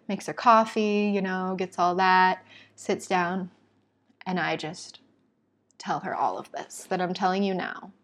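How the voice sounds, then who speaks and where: Candid emotional woman telling a story. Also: medium pitch. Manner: emotional, candid, heavy use of "like". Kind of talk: confessional personal storytelling.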